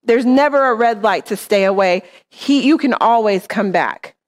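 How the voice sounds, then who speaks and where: A woman's voice: on the high side, moderate pace. Earnest woman preaching a casual sermon. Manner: conversational, earnest, checks in with "right?". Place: church.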